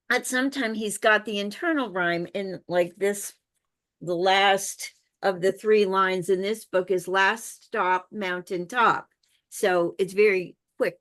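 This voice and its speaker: A woman on a video call, thoughtfully talking through a picture book she holds up. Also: mid-range voice. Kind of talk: casual group chat on a video call.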